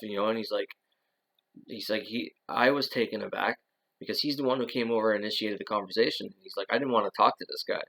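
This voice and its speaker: A man's voice: lowish voice, fairly bright tone, poor audio. A man talking on his own in a loose, rambling monologue, full of "uh" and "you know" and restarted sentences. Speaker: channel host. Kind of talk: casual monologue.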